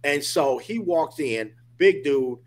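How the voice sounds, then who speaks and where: A man talking as a guest on a video call, telling a story in a lively, emphatic way and often saying "dude" and "right?". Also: on the high side, slow. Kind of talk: casual storytelling.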